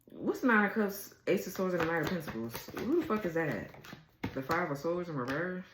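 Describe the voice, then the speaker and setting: Low-voiced, profane woman tarot reader. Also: animated, fairly quick, reverberant, noisy background. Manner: blunt, profane and exasperated. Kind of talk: casual tarot reading.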